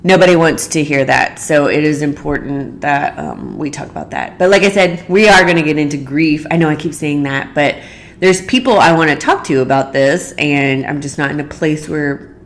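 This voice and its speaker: A woman with a low, deep voice hosts her own podcast alone, talking things through in a casual monologue. She rambles earnestly, restarting her sentences and leaning on "like" and "you know" as she works out what she means. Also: normal speed. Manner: earnest, rambling, many "like" fillers. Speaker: podcast host.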